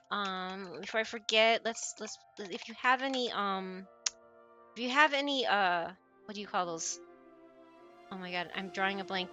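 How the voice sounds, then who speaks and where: A woman's voice: medium pitch, bright, forceful tone. A woman streamer in casual live-stream chat, chatty and giggly, often trailing off and restarting her sentences.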